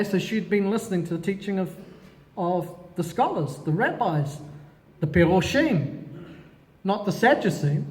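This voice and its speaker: A man leading a Bible study, animated, asking himself questions and dropping in Hebrew words. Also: high voice, long reverb tail. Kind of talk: expository Bible teaching.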